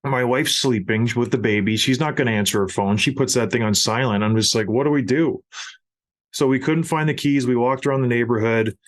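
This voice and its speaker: Middle-aged male podcast host, casual and animated storyteller, mid-pitched voice. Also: fairly quick.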